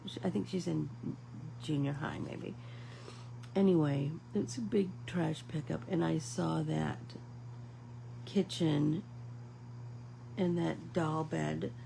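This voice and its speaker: A woman's voice: sits low, vocal fry, warm tone, a little hiss or hum, low-quality recording. A middle-aged woman hosting a casual live painting class, chatting to viewers like friends and rambling through stories. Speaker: art class host.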